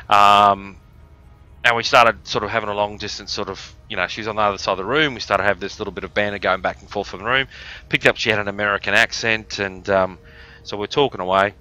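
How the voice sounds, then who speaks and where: A man's voice: on the low side, fairly even intonation, quick pace, sharp tone, clean tone, soft background music. An Australian man from the outback with a cough, telling a rambling, crude, joking story on a live stream. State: has a cough. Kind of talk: casual storytelling.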